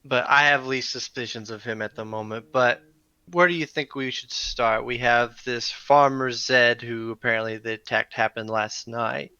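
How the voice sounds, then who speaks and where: A man's voice: mid-range voice, fairly even intonation, normal speed, pushed and bright, clean tone, dry recording, lo-fi sound. A man chatting casually as a tabletop game player, a bit hesitant, narrating what his character does.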